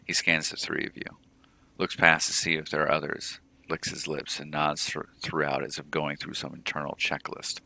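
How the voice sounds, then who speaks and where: A man hosting a game playthrough, reading the on-screen story text aloud in steady storybook-style narration. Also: extremely low pitch, normal speed, gravelly. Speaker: let's play host.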